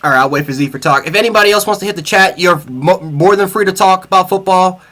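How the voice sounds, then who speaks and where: A man's voice: high voice, fast talker, bright, forceful tone. A man hosting a sports livestream, venting in an angry, profane fan reaction rant and repeating himself.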